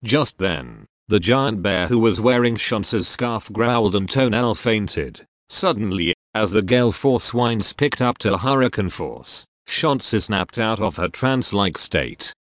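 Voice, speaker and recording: A man narrating a storybook in a steady read-aloud delivery. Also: on the low side, a little slow, hardly any pauses, dry recording, studio quality.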